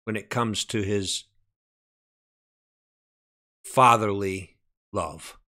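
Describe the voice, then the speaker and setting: A man preaching a sermon with fervor, dropping to hushed lines and rising to shouted peaks, often asking "Amen?". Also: steady tone, extremely slow. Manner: fervent preaching, swinging from hushed low lines to shouted climaxes; calls out "Amen?" to the congregation.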